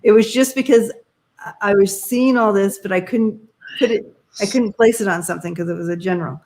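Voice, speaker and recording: A woman doing tarot readings on a live stream, talking in a halting, searching way with many fillers while giving gentle advice. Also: medium pitch. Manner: encouraging, gives gentle advice. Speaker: tarot reader.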